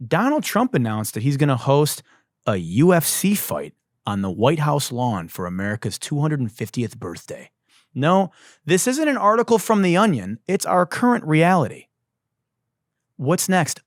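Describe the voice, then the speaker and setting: Man, satirical news rant, hoarse from yelling, swearing, very animated pitch, dry close sound. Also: measured pace, no echo. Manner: swings from loud yelling to low mutters, swears. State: losing his voice. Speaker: comedy news host. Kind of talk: ranting satirical commentary.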